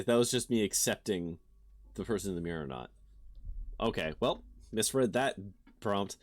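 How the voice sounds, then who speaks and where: A game streamer with a lowish, expressive voice plays through a visual novel at a moderate pace with long pauses, captured in a dry recording. He reads the narration aloud, then breaks off to laugh and joke about it.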